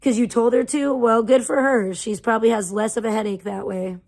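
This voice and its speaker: Livestream host, woman, angry swearing rant, higher voice. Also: steady tone, brisk, vocal fry, darkish tone. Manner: profane, heated, venting.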